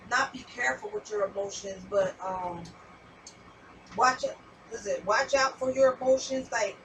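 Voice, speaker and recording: A woman doing a casual spiritual message reading as a tarot reader, blunt and profane, talking straight to her viewers. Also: fairly high pitch. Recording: distant mic with background noise.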